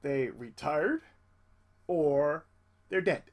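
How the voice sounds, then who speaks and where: He draws out his words in a fairly high voice while ranting on his channel about something that happened to him. Animated and fed up, he swears without holding back.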